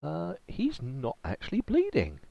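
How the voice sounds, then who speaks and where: A man acting as game master of a tabletop game, chatting in a relaxed way and laughing often. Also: on the high side, unhurried, creaky, dry recording, lo-fi sound. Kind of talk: running a tabletop game over voice chat.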